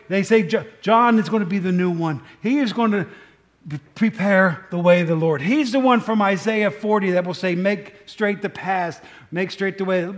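A middle-aged man preaching a sermon as pastor, telling the story with lively asides and jokes. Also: high voice.

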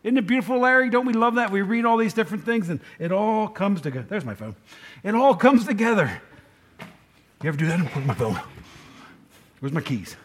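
A middle-aged male pastor delivers a rambling, conversational sermon. His voice sits a little high for a man. He keeps turning to the congregation with questions and drifting into personal asides. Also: big pitch swings, a little fast, long pauses.

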